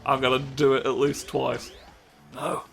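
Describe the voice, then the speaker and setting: A man plays a game while delivering absurd, meandering comedic commentary, swearing frequently and slipping into silly voices without warning. His creaky mid-range voice holds a level tone at a measured pace, and loud game music sits behind it.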